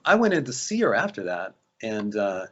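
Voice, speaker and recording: Lively storytelling man, lo-fi sound. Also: fairly low pitch, normal speed, a little hiss or hum. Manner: animated, acts out quoted voices. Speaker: actor guest. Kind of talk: casual storytelling interview.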